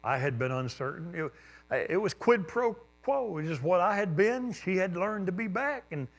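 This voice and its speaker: A man preaching a sermon, telling a personal story with lively jumps in pitch and sudden quiet drops. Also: normal speed. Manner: animated storyteller, voice jumping up with excitement then dropping low.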